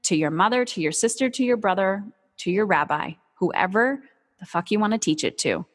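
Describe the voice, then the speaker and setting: A woman's voice: medium pitch, moderate pace. Emphatic woman speaker in a reverberant hall. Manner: energetic, emphatic, candid with casual swearing. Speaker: motivational speaker. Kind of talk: motivational talk.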